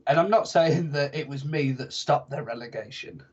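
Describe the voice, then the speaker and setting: A young man chats easily on a podcast, spinning jokey, self-mocking stories. His voice sits at a middling pitch, and the recording sounds a little dull. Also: moderate pace, a little mellow, husky. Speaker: podcast guest. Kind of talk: casual podcast chat.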